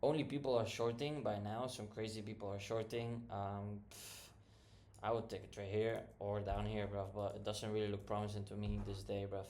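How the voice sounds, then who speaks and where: A man's voice: lowish voice, flat delivery, normal speed, darkish tone. A man giving casual commentary while he reviews trading charts, talking in slang and swearing a lot. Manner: slangy and profane, says "bruv" constantly.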